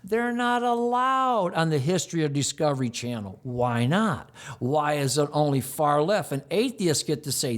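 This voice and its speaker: A man speaking a little higher than most men, answering interview questions in an emphatic flow. He rattles off long lists and breaks into mocking rhetorical outbursts. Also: lively intonation, moderate pace, few pauses, fairly bright tone. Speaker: community television producer and host.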